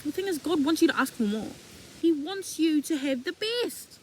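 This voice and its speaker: A young woman giving a casual faith talk as a vlogger, animated and slangy, acting out imagined dialogue. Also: high-pitched, normal speed, a little hiss or hum, poor audio.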